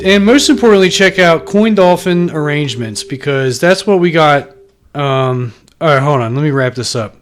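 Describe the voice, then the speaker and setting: A man's voice: fairly high pitch, animated, moderate pace. A man hosting a comedy podcast, rambling through an improvised, profane monologue and tripping over his words. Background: soft music playing underneath.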